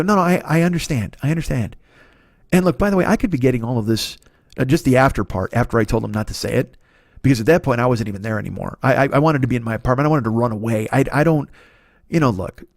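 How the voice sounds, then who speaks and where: A man's voice: fairly high pitch, no echo, clean studio sound. A middle-aged man telling a story in a casual, rambling monologue, swearing often and restarting his sentences. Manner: rambling, profane, halting restarts. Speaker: podcast host.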